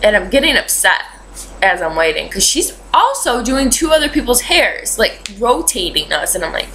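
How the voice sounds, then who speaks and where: A woman's voice: a little high, big pitch swings, moderate pace, a bit bright, a little hiss or hum, poor audio. Chatty young woman, rambling. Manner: rambling, chatty storytelling with many fillers. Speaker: beauty vlogger. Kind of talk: casual chat.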